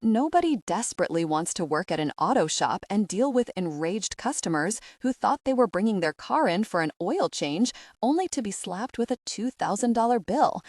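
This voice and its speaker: A woman voicing a nosy, excitable young female friend in an audiobook, teasing and breezy. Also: mid-range voice, moderate pace, few pauses, no echo, studio quality.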